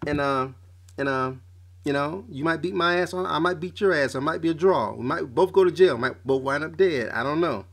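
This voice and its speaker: A man's voice: a little high, moderate pace. A man hosting a podcast, delivering a blunt, profane off-the-cuff rant full of slang and stumbling restarts. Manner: slangy street talk. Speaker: podcast host.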